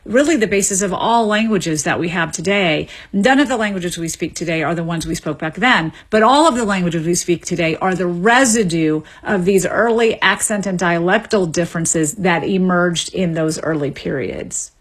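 Woman linguist explaining calmly. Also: lowish voice, slightly rough. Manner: measured, explanatory, with small restarts. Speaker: linguist guest. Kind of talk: radio interview, explaining.

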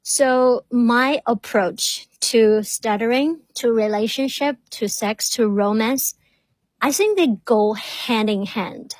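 A woman's voice: a little high, takes it slowly, dry recording, poor audio. A woman graduate student speaking earnestly and reflectively in an interview, stuttering by repeating words. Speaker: doctoral student guest.

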